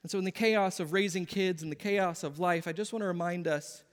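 A man's voice: sits high, fairly quick, big-room sound. A man in his thirties, a pastor, giving an earnest, conversational sermon in a church. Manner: earnest, conversational preaching with quoted asides. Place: church sanctuary.

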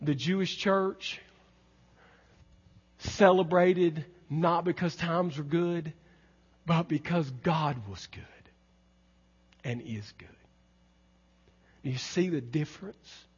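A man preaches in a high, slightly husky voice, leaning hard on his points and then dropping low and quiet. The sound is dull and lo-fi with a long hall reverb behind it. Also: slow, pauses often. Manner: emphatic preaching, swinging from loud exclamations to soft low lines. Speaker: pastor. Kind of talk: sermon.

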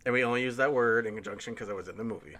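A man co-hosting a podcast, telling things in quick casual chat. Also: mid-range voice, sharp tone. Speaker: podcast co-host.

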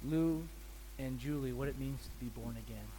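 A man preaching a sermon as pastor, telling animated stories and acting out the people in them. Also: mid-range voice, normal speed, slight background noise. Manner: animated storyteller, acts out people's voices. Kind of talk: sermon with storytelling.

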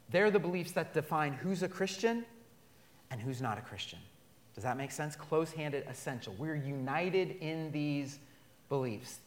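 A male pastor preaches to his congregation in a voice pitched a little high for a man. He calls out for responses and swings between loud emphatic lines and quiet, hushed asides. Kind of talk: sermon.

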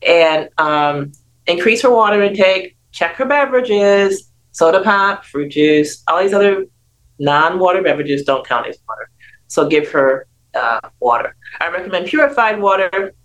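An older woman gives blunt health advice as a doctor on a talk show. She hammers her points home by repeating words. Her pitch rises and falls in a lively way. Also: moderate pace, low-quality recording. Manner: blunt, emphatic, repeats for emphasis. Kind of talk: casual radio talk advice.

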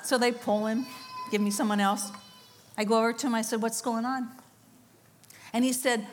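A woman's voice: a little high, fairly even intonation, normal speed, pauses often, a little hiss or hum. A middle-aged woman giving a sermon, telling a story with quoted voices and laughing asides. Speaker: conference speaker. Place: church or conference hall.

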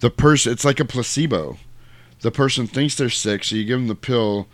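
With a mid-range voice at a normal speed and no room sound in the recording, a man co-hosts a podcast where he casually walks through a movie's plot, voicing the characters' lines himself.

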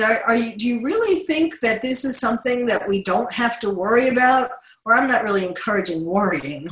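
A woman's voice: fairly low pitch, fairly bright tone, echoey room, low-quality recording. A middle-aged woman with a New York accent hosting a talk show, speaking earnestly with many fillers and restarts. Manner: earnest, with frequent fillers and restarts, occasional laughs. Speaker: host.

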